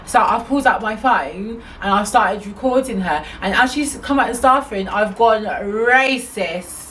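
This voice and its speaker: A woman telling a storytime vlog in a chatty, indignant, animated way. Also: mid-range voice, a little slow. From England. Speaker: vlogger. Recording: slightly distant mic, faint noise.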